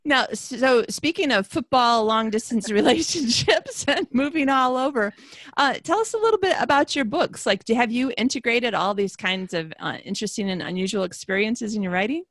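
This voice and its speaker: A friendly woman host with a Michigan accent and a gravelly, fry-edged voice. She reacts with bright exclamations. Her voice sounds close and dry. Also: on the high side, lively intonation, moderate pace, no room sound. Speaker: interview host. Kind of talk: casual interview chat.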